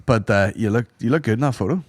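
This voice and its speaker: A man, co-hosting a podcast, bantering and teasing with loud laughs. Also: medium pitch, animated, fast talker, no room sound, clean studio sound. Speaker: podcast co-host. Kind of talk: casual chat, banter.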